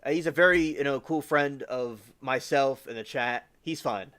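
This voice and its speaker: A man's voice: medium pitch, normal speed, a bit bright. A man from the US South hosting a livestream, rambling casually with lots of fillers and restarts. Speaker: livestream host.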